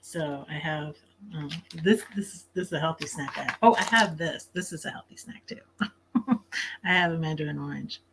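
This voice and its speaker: A woman with a deep voice speaks at a moderate pace against a noisy background. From her bed, she runs a casual late-night livestream, chatting freely, laughing often, and eating snacks as she goes.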